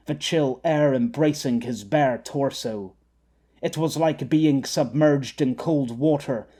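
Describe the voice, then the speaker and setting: A man narrating an audiobook in a measured storytelling manner. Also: fairly high pitch, warm tone. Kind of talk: scripted narration.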